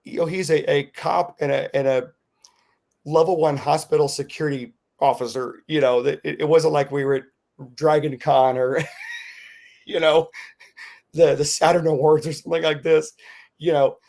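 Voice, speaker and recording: A middle-aged man, a podcast co-host, telling a rambling, animated story in casual chat with lots of fillers. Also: fairly high pitch, moderate pace, creaky.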